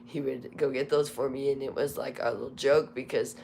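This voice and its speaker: A woman with a hoarse, very low voice chats openly on a live stream. She rambles in a candid, confessional way. A faint hiss sits under her talk. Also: steady tone, fairly quick, warm tone. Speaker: livestream host. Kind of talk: casual live chat. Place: Las Vegas home.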